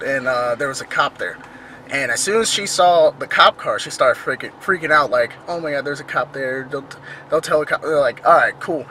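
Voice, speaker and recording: A man vlogger casually telling a story, animated and acting out the dialogue he quotes. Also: medium pitch, slight background noise.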